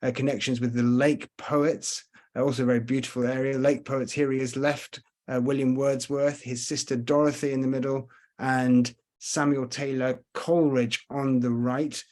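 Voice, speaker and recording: Male tour guide, mid-pitched voice, relaxed and rambling, often stops to think mid-sentence. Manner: chatty, rambling, frequent pauses to think. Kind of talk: virtual tour talk over slides.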